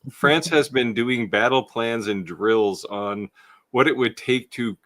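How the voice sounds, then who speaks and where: A man's voice: mid-range voice, slow, fairly bright tone. A Canadian man with a Canadian accent hosting a casual live-stream chat, joking and often repeating words as he starts a sentence. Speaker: show host.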